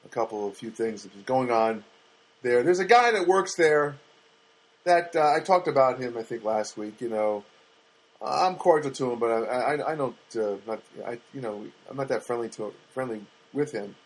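A man's voice: mid-range voice, lively intonation, normal speed, low-quality recording. A man hosting a solo podcast from his studio apartment, rambling and ranting with many restarts. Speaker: podcast host.

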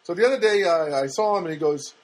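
A man's voice: a little high, fast, poor audio. A man hosting a solo podcast from his studio apartment, rambling and ranting with many restarts. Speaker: podcast host.

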